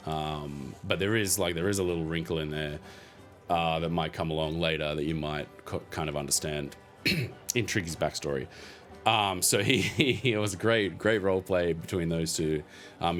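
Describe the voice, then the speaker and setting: A man hosting a podcast, casually recapping a tabletop game session in a rambling way, laughing now and then. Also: low voice. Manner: rambling, many fillers, chuckles often.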